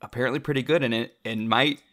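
A man co-hosting a casual film podcast, quick and emphatic with his opinions. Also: mid-range voice, fairly even intonation, fairly bright tone. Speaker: podcast co-host.

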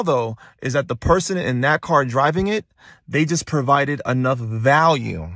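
A man with a mid-range, creaky voice and a fairly bright tone, recorded cleanly as if in a studio with no room sound. He's a motivational podcast host giving a casual monologue, blunt and profane, holding a phone as he talks. He speaks emphatically and repeats phrases to drive his points home.

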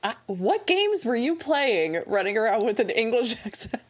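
A woman's voice: on the high side, sing-song, moderate pace. An American woman, the podcast's producer, chatting in a hesitant, self-deprecating way. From United States. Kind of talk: casual chat.

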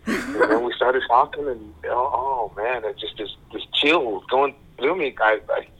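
An older man calling in as a guest, telling a personal story in a halting way and often repeating himself. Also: mid-range voice, a bit bright, slightly rough. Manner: halting, repeats words and restarts. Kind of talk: casual storytelling. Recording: tinny phone line.

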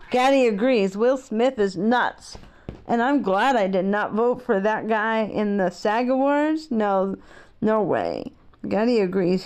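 A woman's voice: on the high side, a little mellow. A middle-aged woman vlogging in a rambling, outspoken, opinionated casual monologue.

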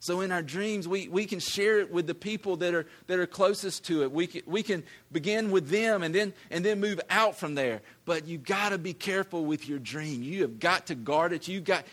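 A man preaching a sermon with a slightly high voice. He talks in a conversational, emphatic way, often repeating words as he drives a point home. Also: a bit bright. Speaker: pastor.

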